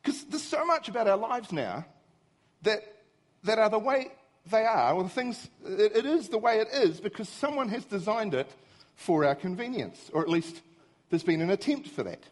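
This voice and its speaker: A middle-aged man giving a humorous, self-mocking storytelling talk to an audience, animated and easily exasperated. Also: high-pitched, moderate pace. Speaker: speaker.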